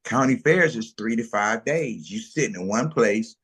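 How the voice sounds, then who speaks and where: A man's voice: on the low side, moderate pace, breathy edge. A middle-aged man telling his food business story in a casual interview, acting out the voices of people he quotes. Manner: animated storyteller, acts out quotes, slangy. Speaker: food truck owner, guest.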